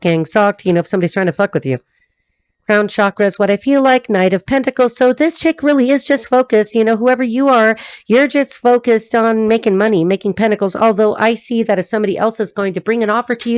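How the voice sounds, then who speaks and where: A woman's voice: a little high, no room sound. A woman giving a casual tarot reading to camera, blunt and profane, laughing often, her voice cracking a little. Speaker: tarot reader and life coach.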